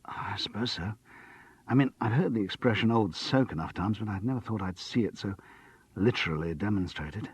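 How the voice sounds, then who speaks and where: A man's voice: on the low side, normal speed, husky. A man voicing a dry, self-mocking middle-aged actor who has sworn off drink. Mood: wry. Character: wry middle-aged male actor on the wagon.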